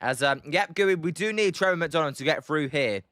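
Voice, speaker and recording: A man's voice: on the high side, lively intonation, normal speed, fairly bright tone, dry recording, clean studio sound. A British man hosting a live stream, calling a baseball game and chatting with viewers, with lots of ums between plays. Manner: chatty, many ums, reads chat aloud. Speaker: livestream host doing play-by-play. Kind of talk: casual live commentary with chat replies.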